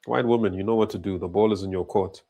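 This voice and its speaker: A man delivers reaction commentary with a fairly low, steady voice. He sounds indignant and pushes his points hard. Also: fast. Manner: indignant, emphatic.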